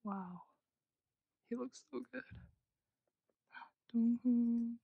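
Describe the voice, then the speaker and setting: A young woman casually narrating an unboxing, gushing with frequent gasps and soft half-whispered asides. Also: a little high, extremely slow, creaky, slightly rough, no room sound, narrow, tinny audio. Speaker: unboxing vlogger.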